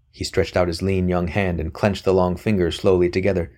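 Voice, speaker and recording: A man narrating a historical novel in a steady, measured manner. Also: low-pitched. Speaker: audiobook narrator. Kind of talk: scripted narration.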